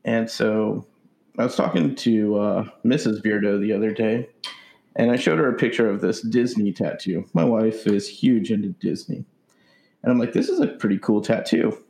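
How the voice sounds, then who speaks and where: A man co-hosting a podcast, telling a rant as a deadpan, boastful storyteller with a gravelly voice. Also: lowish voice, normal speed. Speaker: podcast co-host. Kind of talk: casual ranting chat.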